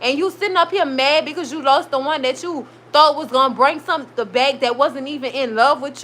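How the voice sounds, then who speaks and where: Heated, high-voiced woman recapping a show. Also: a little fast, few pauses, poor audio. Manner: animated, swearing, heated reactions. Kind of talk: casual TV recap vlog. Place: her room at home. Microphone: recorded.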